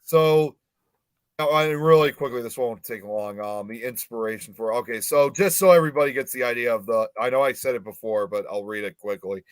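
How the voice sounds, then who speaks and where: Give me a male podcast host with a middle-pitched voice, recorded dry and close. He talks in a loose, rambling way, stumbles over tricky names, and slips into reading from his notes. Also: fairly quick, clean tone, dry recording. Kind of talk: casual horror podcast chat.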